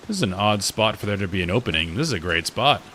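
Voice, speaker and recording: A man's voice: lowish voice, animated, fast, bright, forceful tone, slight background noise. A man streaming a game, chatting casually with joking, offhand remarks. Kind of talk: casual gameplay commentary.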